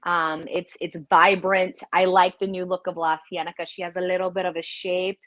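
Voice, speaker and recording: A woman in her forties with a New York accent, a guest actress chatting in a lively, bubbly way and telling stories over a video call. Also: on the low side, moderate pace, dry recording. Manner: bubbly, chatty storyteller who mimics her own voice. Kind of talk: casual interview chat.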